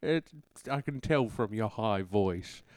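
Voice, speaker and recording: A comedy podcaster who slips into a rambling, put-on radio-host patter. His pitch swoops widely from line to line. The recording is dry and close. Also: expressive, takes it slowly, a little mellow, no echo. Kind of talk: improvised comedy radio bit.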